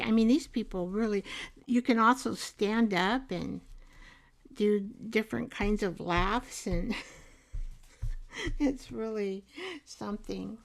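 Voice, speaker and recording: With a gravelly, mid-range voice, a woman hosts a live art show, chatting casually and rambling with viewers as she paints. She often breaks into laughter during this relaxed craft demo.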